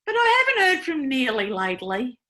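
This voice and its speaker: Eine Frau, die eine ältere irische Mutter mit irischem Akzent spielt, die sich um ihren Sohn sorgt. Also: female voice, sits high, huge pitch swings, brisk, sharp tone, heavily acted. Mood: plaintive. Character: older Irish mother worried about her son.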